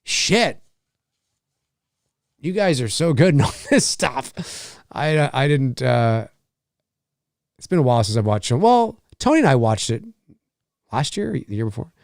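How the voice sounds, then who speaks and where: A man hosting a live movie watch-along, reacting out loud and swearing easily. His voice sits high for a man and leaps around, and the recording is dry and close. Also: clear, resonant tone, no room sound. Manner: animated, swears freely, quick pitch jumps. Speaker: movie commentary host. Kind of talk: live movie commentary to chat.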